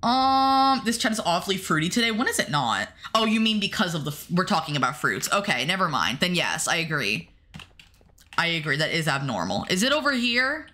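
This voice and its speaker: Playing a horror game on stream, this woman talks in a lowish, sing-song voice that's fairly quick, bright, and forceful. She addresses both her chat and the game in easygoing commentary, staying on edge and letting out yelps at every scare.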